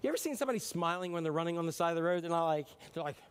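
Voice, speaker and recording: A middle-aged man preaching a sermon, talking in a relaxed, conversational way. His voice sits high for a man. He stumbles and restarts sentences now and then, and he acts out short bits of the people in his stories. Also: very fast, clean tone. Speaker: pastor.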